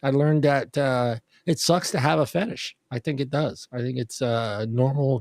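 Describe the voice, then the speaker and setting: A man's voice: mid-range voice, normal speed, gravelly, few pauses, a little mellow, dry recording, studio quality. A man co-hosting a casual comedy podcast, joking, laughing often and swearing freely. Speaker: podcast co-host.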